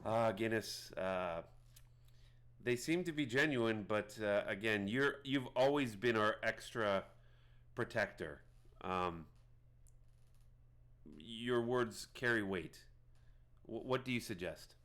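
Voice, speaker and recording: A man's voice: lowish voice, takes it slowly, pauses often, fairly bright tone. A man voicing a wizened, scarred old male fish-folk leader who speaks hesitantly and defers to others. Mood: deferential.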